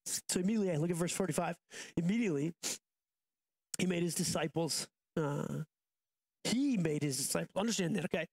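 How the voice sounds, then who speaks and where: A man's voice: a little high, a little fast, pauses often, a little mellow. A man in his thirties, a pastor preaching a sermon in a casual, conversational way, often restarting and going off on asides. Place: church auditorium.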